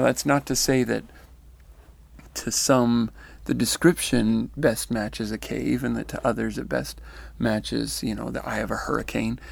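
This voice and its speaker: Male commentator, very gravelly and husky, reflective, pausing often, close and dry. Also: mid-range voice, no echo. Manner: thoughtful, musing, with pauses and restarts. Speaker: commentator reading and discussing near-death accounts. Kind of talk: reflective spoken commentary with read-out quotes.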